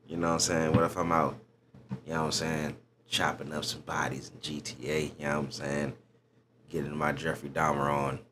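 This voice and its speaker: A man with an extremely deep, low voice rambles through a casual reaction chat, slangy and full of fillers. The home stream audio carries clear background noise. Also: flat delivery, fairly quick.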